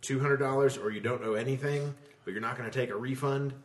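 A man's voice: medium pitch, fairly even intonation, quick pace, reverberant, a little hiss or hum. A man in casual podcast chat, talking loosely with lots of fillers and trailing thoughts. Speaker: podcast co-host.

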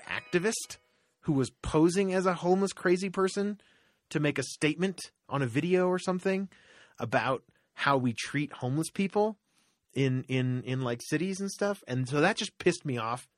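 A man's voice: medium pitch, dry recording, clean studio sound. A man telling a long story in a casual, profane, rambling way, full of fillers. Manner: profane, rambling, animated retelling with many fillers.

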